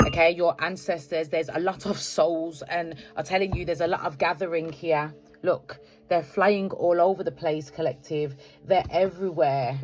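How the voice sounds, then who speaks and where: A woman's voice: low-pitched, fairly even intonation, normal speed, few pauses, a little mellow. A woman giving a spiritual tarot reading to viewers, ending almost every phrase with "okay? right?" and calling them "collective". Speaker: tarot card reader.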